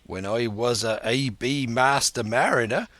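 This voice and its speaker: A man's voice: mid-range voice, measured pace, fairly bright tone, dry recording, lightly acted. A man voicing an older, crafty one-legged pirate cook who blusters in thick sea slang, for an audiobook. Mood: wheedling.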